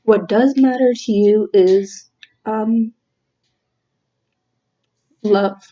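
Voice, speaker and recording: Full of "um"s and restarts, a woman offers a casual tarot reading at an unhurried, searching pace. Her medium-pitched voice is soft and mellow with fairly even intonation, and she sounds earnest, almost emotional. The audio is slightly muffled and lo-fi.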